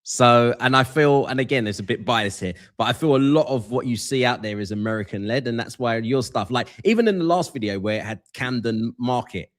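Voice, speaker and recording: A man co-hosting a live show, chatting casually and agreeing readily with his guests. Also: medium pitch. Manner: warmly agreeing, quick affirmations. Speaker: co-host.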